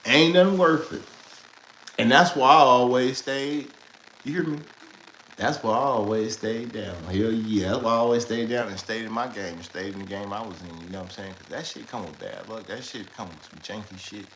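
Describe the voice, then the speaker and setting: A man casually retelling street stories, animated and laughing, in heavy slang. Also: on the low side, brisk, slight background noise. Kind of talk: casual storytelling. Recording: echoey room with faint ambience.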